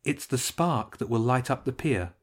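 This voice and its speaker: A man voicing a stern, straight-faced female cat in a storybook reading, measured and severe. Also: mid-range voice, animated, close to an everyday voice.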